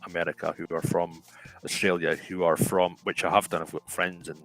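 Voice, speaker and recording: A low-pitched man with a gravelly, creaky voice chats loosely as a show host. He rambles, repeats himself, and keeps turning to his listeners. Faint music sits under his voice. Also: little pitch movement, fairly quick, a bit bright, poor audio. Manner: rambling, repeats and restarts phrases, addresses listeners as folks. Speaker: podcast host. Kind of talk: casual chat.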